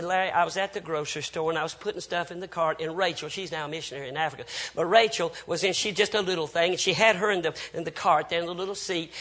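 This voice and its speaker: An older man, preaching a sermon and telling family stories, swinging from shouts to hushed tones. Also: a little high. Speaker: pastor.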